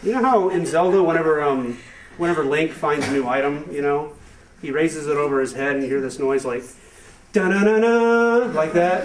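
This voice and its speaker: A young man doing a rambling stand-up comedy routine with hesitant fillers and deadpan asides to a live audience. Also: a little high. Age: young adult. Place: live show venue with audience. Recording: echoey room, far from the mic, noisy amateur recording.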